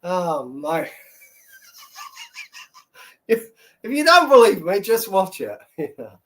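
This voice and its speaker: A man's voice: high voice, very animated, slow pace, fairly bright tone. A man hosting his own live stream, chatting loosely to his viewers. He rambles through a story, swears freely and laughs a lot as he talks. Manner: rambling, sweary, laughs often, tells stories. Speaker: livestream host. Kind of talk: casual live-stream chat.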